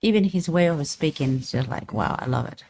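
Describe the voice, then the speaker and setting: A woman's voice: sits low, lively intonation, brisk, gravelly, a little mellow, a little hiss or hum. A woman with as her in a casual study discussion, answering with short interjections and playful remarks. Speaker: co-host.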